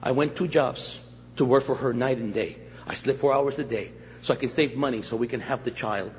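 A man from Los Angeles County preaching his testimony as a guest speaker in a church, an animated storyteller who acts out voices and jokes with the crowd. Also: medium pitch, a little fast, slight background noise. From Los Angeles County, USA. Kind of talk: sermon testimony. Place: church sanctuary. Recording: echoey hall, slightly dull sound.

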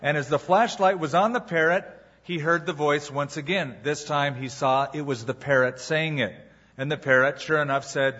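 A man preaching a sermon as pastor, telling a story with dramatic pauses before moving into his teaching. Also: a little high, a bit bright, dull audio.

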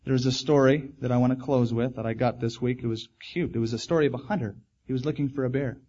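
A man's voice: medium pitch, steady tone, fast, warm tone, highs cut off. A male pastor preaching a sermon in an earnest, emphatic way, repeating key phrases.

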